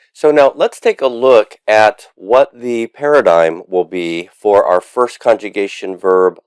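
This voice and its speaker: A man's voice: low-pitched, a little mellow, clean tone, dry recording. A man teaching a recorded Latin grammar lesson, explaining patiently step by step with frequent "uh"s and drilling forms aloud. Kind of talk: recorded lecture.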